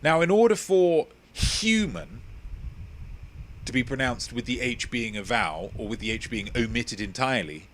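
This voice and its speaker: A man's voice: moderate pace, a little hiss or hum. A man hosting a live-streamed quiz, playful and mock-pompous as he chats with viewers. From England. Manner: playful, mock-pompous, lively swings in pitch. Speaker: quiz host.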